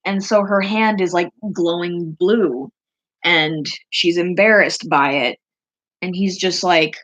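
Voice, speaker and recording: A woman's voice: lowish voice, slow pace, a bit bright, dull audio. Chatty woman gushing over her drawings. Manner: chatty, gushing, fond of cute things. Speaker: streamer showing her artwork. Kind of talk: casual rambling chat.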